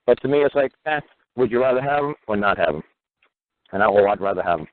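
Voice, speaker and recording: A man with a lowish voice rambles bluntly and profanely through a call-in talk show monologue. He talks quickly, piling one casual aside onto the next. The sound is thin and tinny, like a phone line. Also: expressive, dry recording.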